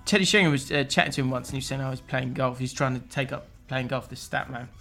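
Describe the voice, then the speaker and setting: A man's voice: medium pitch, very fast, fairly bright tone, soft background music. A man hosting a casual football podcast, rambling through stories and laughing as he tells them. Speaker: podcast host.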